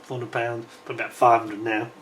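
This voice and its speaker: A man's voice: mid-range voice, level tone, moderate pace, a bit bright, slight background noise. Chatty British man reviewing model kits. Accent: British English. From United Kingdom. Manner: chatty, wanders off on tangents, frequent fillers. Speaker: scale model kit reviewer. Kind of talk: casual rambling review chat. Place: indoors at home, warm room with a fan.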